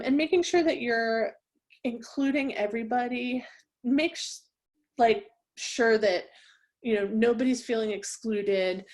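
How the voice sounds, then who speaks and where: A woman who trains interpreters, giving a conversational webinar presentation and often checking in with her listeners. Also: on the high side. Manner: conversational, checks in with frequent "right?".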